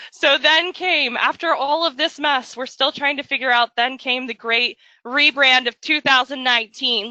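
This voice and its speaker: A woman presents a webinar with a bright, forceful, slightly high voice. She jokes and chats with her listeners and drops into quick voices for asides. The audio is a little dull and dry. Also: steady tone, no echo. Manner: jokey, chatty, slips into quick voices for asides.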